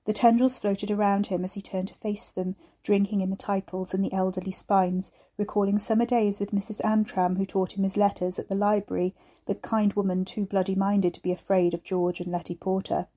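In this audiobook narration, an author reads her own dark novel in a measured, steady storytelling voice that is mid-range, warm, and mellow. She lends the grim scenes a calm, even weight.

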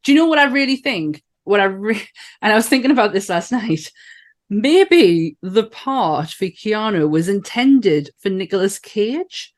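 A woman co-hosting a film podcast in loose, casual chat. She talks with animated energy, swears freely and laughs between her points, at a middling pitch for a woman. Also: a little slow. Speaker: podcast co-host.

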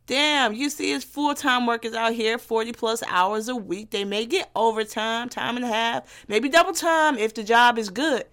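A young woman from Gary, Indiana, hosting her own podcast in a brash, profane, teasing comedic monologue. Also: on the high side. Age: young adult. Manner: brash, profane and animated, quick to tease. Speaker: podcast host.

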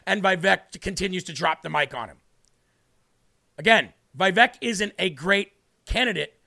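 American male commentary host, high bright gravelly voice, mocking and animated. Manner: animated, mocking, frequent laughs and rhetorical questions. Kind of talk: live online political commentary.

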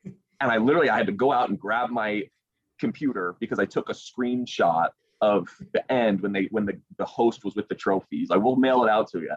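A young man, a sports broadcaster, excitedly retelling a story as an interview guest over a video call, acting out quotes as he goes. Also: on the low side, breathy edge, no echo, lo-fi sound. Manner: animated, excited retelling with quick acted quotes.

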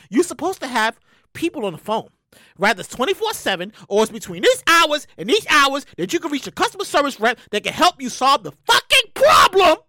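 High, lively woman ranting as host. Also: no room sound, clean studio sound. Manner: animated, profane, bursts into shouting. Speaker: show host. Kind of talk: solo comedic rant.

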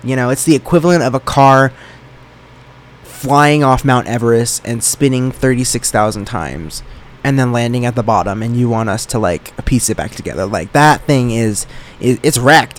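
A man's voice: medium pitch, moderate pace. A young man hosting his own solo podcast from his bedroom, rambling in a playful, self-mocking way. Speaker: podcast host. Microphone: microphone in his room. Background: faint fan running.

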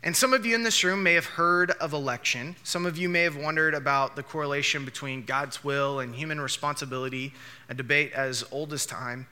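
A man's voice: fairly high pitch, fairly even intonation, brisk, bright, forceful tone, clean tone. Emphatic male pastor preaching in a hall. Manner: emphatic, repeats key phrases for stress. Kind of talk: sermon. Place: church hall. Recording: long hall reverb.

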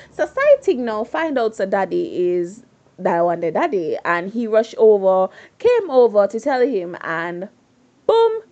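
A woman casually retelling a drama in a dramatic, slangy way with excited asides. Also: fairly high pitch, lo-fi sound. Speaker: storyteller recapping a drama.

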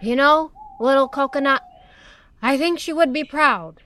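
A woman's voice: high-pitched, a little slow, background noise, pitched above the performer's own voice. A woman doing a cranky old farmer. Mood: tender. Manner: grumbling, teasing, muttering. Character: cranky old male taro farmer, gruff but tender. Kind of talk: storybook reading. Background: music.

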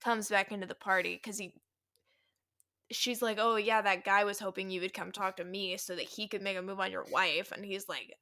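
A woman co-hosting a podcast, chatting casually and retelling a romance novel's plot with lively acted-out quotes. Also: mid-range voice, moderate pace. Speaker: podcast co-host.

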